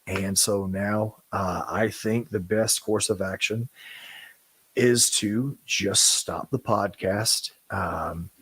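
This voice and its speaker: A man speaking as a podcast host, emotional, halting and apologetic in candid talk. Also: lowish voice, steady tone, fairly bright tone, breathy edge, no room sound.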